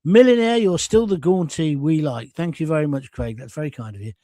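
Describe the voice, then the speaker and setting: A man's voice: on the high side, fairly quick, warm tone, no echo. An older man hosting a live online talk show, blunt and sarcastic, reading viewer comments and mocking people in little skits. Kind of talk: ranting live-stream commentary.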